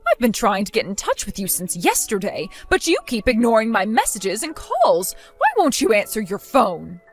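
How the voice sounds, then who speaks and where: A woman voicing a spiteful older mother-in-law who insults and orders her daughter-in-law around, in an animated story drama. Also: medium pitch, moderate pace, soft background music. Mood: demanding. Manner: insulting, accusing, domineering.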